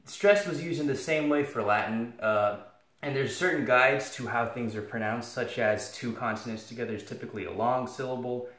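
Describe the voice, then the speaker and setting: Speaking at a normal pace, the man has a mid-range voice with a slightly bright edge. His video lesson for Latin students is casual and full of jokes, sarcastic digressions and self-mocking remarks, recorded in an echoey space.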